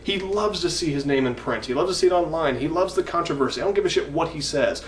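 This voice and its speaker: A man's voice: medium pitch, quick pace, few pauses, recorded from a distance. A man in his twenties ranting in a vlog, profane, indignant and rambling. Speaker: wrestling fan vlogger. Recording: echoey room, mic from afar, faint noise.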